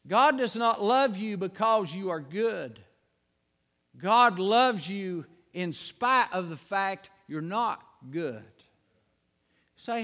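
Preacher, high-pitched male voice, homespun stories building to fervent preaching, reverberant hall. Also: animated, takes it slowly, pushed and bright. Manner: folksy storytelling, rising to fervent preaching. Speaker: pastor. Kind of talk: sermon.

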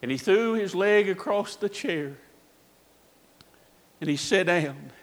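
A man preaching a sermon, telling a story dramatically, his voice swinging from hushed to shouting. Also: sits high, lively intonation, takes it slowly. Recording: echoey hall reverb.

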